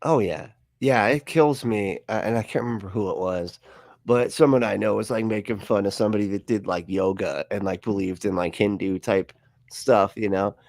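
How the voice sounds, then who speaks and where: A man hosting a casual livestream chat, talking quickly and with energy, laughing and swearing often and jumping into mocking voices when he quotes people. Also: fairly low pitch, a little mellow, no room sound, clean studio sound. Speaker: livestream host.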